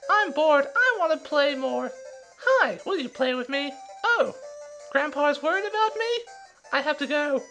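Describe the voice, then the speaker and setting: A man voicing a bored little girl who begs the captain to play, in a squeaky, pleading falsetto. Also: expressive, measured pace, bright, forceful tone, soft background music, exaggerated voice.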